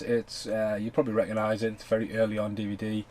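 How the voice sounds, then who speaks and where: A man's voice: on the low side, monotone, fast, few pauses, darkish tone, a little hiss or hum, low-quality recording. Rambling, sweary man. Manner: rambling, sweary, loose chatty delivery. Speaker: podcast host. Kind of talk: casual film commentary.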